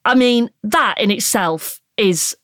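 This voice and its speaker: A woman's voice: mid-range voice, takes it slowly, fairly bright tone, no echo. Jet lagged woman cohosting, jokey and chatty, dry studio sound. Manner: chatty, jokey, self-mocking. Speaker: podcast co-host. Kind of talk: casual chat. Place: studio booth.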